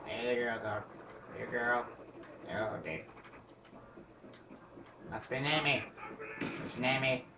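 A man giving live gameplay commentary, chatting to himself, getting frustrated and yelling out sudden bursts. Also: mid-range voice, a little slow, long pauses. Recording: distant mic, roomy echo, loud background noise.

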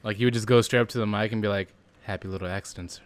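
A man's voice: fairly low pitch, level tone, rapid-fire. Joking young man hosting a game session. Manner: joking, laughs often. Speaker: gaming channel host. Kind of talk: casual gameplay chat with friends.

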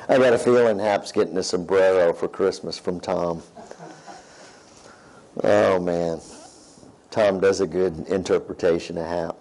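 In a low-quality recording, a male pastor with a low, slightly mellow voice gives a sermon. He talks conversationally, reading scripture aloud and asking his hearers "right?" to keep them engaged.

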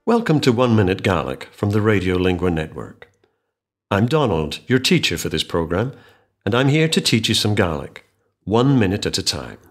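A man teaching a scripted podcast language lesson, speaking clearly and slowing right down to model phrases. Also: lowish voice, very animated, faint music behind.

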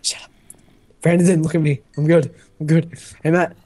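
A man's voice: on the high side, flat delivery, moderate pace, warm tone. Goofy teasing guy gaming with friends. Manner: goofy and teasing, hums tunes. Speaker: gaming video host. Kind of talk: casual chat while playing a game.

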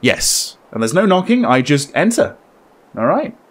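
A man casually commenting as he plays a game, chatty and joking, reacting out loud to what happens. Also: on the high side, very animated, unhurried. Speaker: gaming YouTuber. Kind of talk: let's play commentary.

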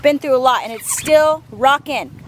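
A woman's voice: high voice, normal speed, fairly bright tone, slight background noise. A woman in her thirties chatting casually to camera as a family vlogger, rambling and calling viewers "guys". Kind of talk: casual vlog chat to camera.

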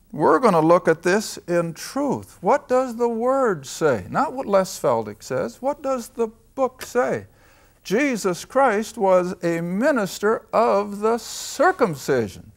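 A man's voice: sits high, creaky. An older man teaching a folksy Bible lesson, emphatic, asking questions and answering them himself. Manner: emphatic, asks and answers his own questions.

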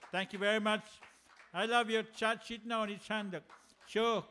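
A man's voice: high-pitched, steady tone, moderate pace, sharp tone. A man serving as pastor who leads prayer during a sermon, earnest and prayerful.

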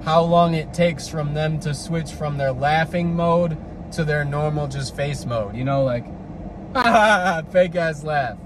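A young man vlogs casually into a handheld phone camera, speaking unhurriedly in a slightly high voice with fairly even intonation. He rambles, peppering his speech with "like," against a noisy background.

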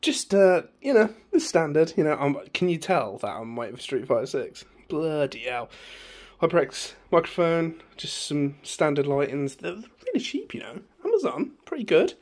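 Hoarse man rambling on a phone. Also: fairly high pitch, big pitch swings, moderate pace. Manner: rambling, chatty, easily sidetracked. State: hoarse, losing his voice. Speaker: YouTuber. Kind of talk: casual vlog room tour. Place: bedroom.

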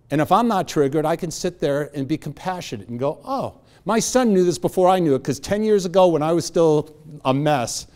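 A middle-aged man giving a motivational talk, telling stories and acting out the voices of the people in them. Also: on the high side. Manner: animated storyteller acting out voices. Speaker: motivational speaker. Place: event hall.

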